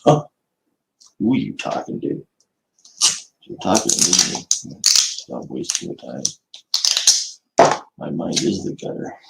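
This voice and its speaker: A man with a low, creaky voice hosts a laid-back coin giveaway stream, taking his time while his pitch leaps up and down. He swears freely and makes mock threats at viewers for laughs. A steady background noise sits under the recording. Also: slow pace, long pauses, rough recording. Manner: profane, joking, bursts of mock anger. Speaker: coin channel host. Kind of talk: casual live-stream giveaway chat.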